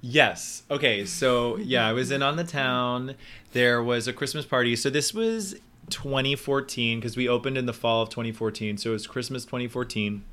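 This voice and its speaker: A man chatting casually, telling an animated backstage story and acting out the quotes. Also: medium pitch, normal speed. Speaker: Broadway performer.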